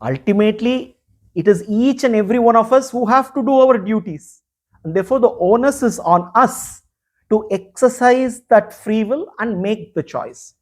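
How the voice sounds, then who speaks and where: A man teaching as a spiritual teacher in a live discourse, speaking earnestly and emphatically with frequent pauses. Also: sits high. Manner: earnest, emphatic, pausing often.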